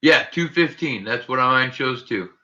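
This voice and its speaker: A man hosting a casual livestream talks directly to his viewers, nervous and joking, in a very bright, sharp-edged voice that's mid-range, expressive and measured in pace. The audio is dull and lo-fi.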